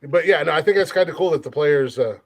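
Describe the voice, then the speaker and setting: A man's voice: fairly high pitch, fast talker. A man hosting a podcast in casual chat, joking, rambling and swearing a lot. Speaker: podcast host.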